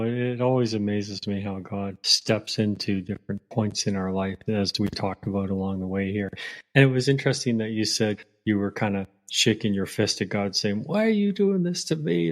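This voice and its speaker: A man hosting a Christian interview, reflecting on the guest's story in a measured, encouraging way. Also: lowish voice. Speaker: interviewer, ministry host.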